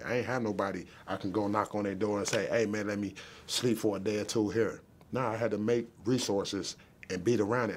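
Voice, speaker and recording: A man's voice: lowish voice, slight background noise. A man telling his own story in a testimonial interview, plain-spoken and earnest, asking himself rhetorical questions. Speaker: program client.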